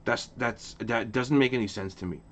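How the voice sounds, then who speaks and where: Speaking at a moderate pace and medium pitch, this Ottawa man runs a hockey channel and is ranting his opinions to camera in a casual way. His delivery is animated and passionate, full of repeated restarts.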